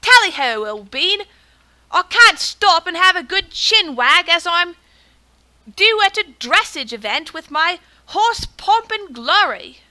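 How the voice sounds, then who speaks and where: A woman voicing a pompous aristocratic gentleman in a game, with a hammy put-on British accent that drifts. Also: extremely high pitch, very animated, slow, voice pushed up, full character voice. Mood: jolly.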